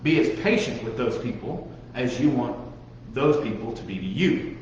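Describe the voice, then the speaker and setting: A man preaching a lively sermon to young listeners, talking straight at them and acting out the voices of the people he describes. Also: mid-range voice, moderate pace. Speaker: pastor. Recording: dull, echoey hall recording with faint noise.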